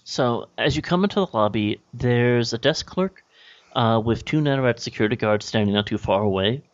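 A man's voice: medium pitch, normal speed, dry recording. A man narrating a tabletop game as game master, describing scenes casually with many fillers. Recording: dull lo-fi dry recording.

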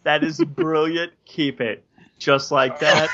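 A man's voice: fairly high pitch, fairly even intonation, takes it slowly, bright, forceful tone, slight background noise. A man chatting and joking at a tabletop game, teasing his friends, on a dull lo-fi recording. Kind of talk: casual tabletop game chat.

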